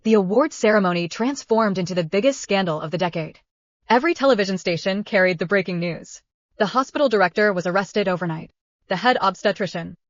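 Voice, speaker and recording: A woman telling a scripted first-person drama in a steady, even voice at an ordinary pitch. The recording is dull and a bit lo-fi, and the room is dry with no echo. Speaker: story narrator.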